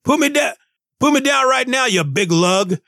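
A scrappy little robot barks, his voice pitched up high and lively. He talks tough street slang, bossy and ready to fight, as a man puts him on. The sound is dry and close. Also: moderate pace, creaky, no room sound, full character voice. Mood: angry. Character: small tough-talking male toy robot.

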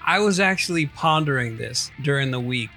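A man's voice: mid-range voice, animated, normal speed, pushed and bright, soft background music. A man co-hosting a podcast, easygoing and laughing often in loose, swearing chat. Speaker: podcast co-host. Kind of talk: casual profane chat.

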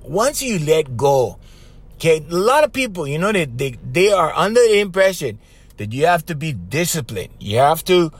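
A man's voice: fairly high pitch, breathy edge. A man with a Hawaiian Pidgin accent, hosting a podcast as a casual, loose monologue full of "bro" and laughs. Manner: chatty, loose, laughs often, says bro. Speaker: podcast host.

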